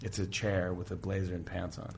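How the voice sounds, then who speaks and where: A man's voice: deep voice, a little fast, gravelly, slight background noise. A man guest on a podcast, chatting casually and acting out scenes as he retells them. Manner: animated storyteller acting out scenes. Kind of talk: casual chat.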